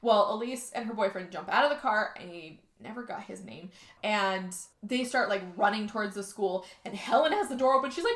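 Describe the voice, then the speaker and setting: A woman's voice: mid-range voice, lively intonation, a little fast, reverberant. A woman co-hosting a podcast, retelling a movie plot in casual chat and acting out the characters' lines. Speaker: podcast co-host.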